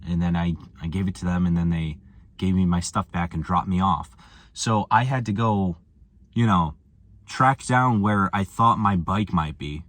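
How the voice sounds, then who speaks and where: A man's voice: moderate pace, dry recording. A young American man telling travel stories and ranting about boredom in a loose, slangy vlog style. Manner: animated, slangy, swings from low mumbles to high exclamations. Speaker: vlogger. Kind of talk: casual storytelling rant.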